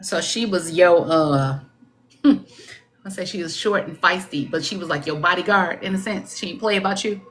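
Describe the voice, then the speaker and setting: A woman working as a psychic medium on a live stream, pausing and searching for words as she relays messages, then jumping up in pitch when quoting. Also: fairly bright tone. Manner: halting, searching for words, coaxing; relays messages with swoops up into quoted speech. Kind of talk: live-stream spirit reading.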